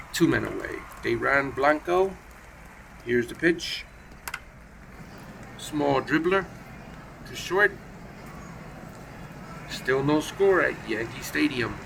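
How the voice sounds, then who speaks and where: Gravelly-voiced man calling baseball play-by-play. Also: mid-range voice, bright, forceful tone, slight background noise. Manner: casual and chatty, with asides and self-corrections. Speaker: play-by-play commentator. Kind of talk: solo play-by-play of a simulated baseball game.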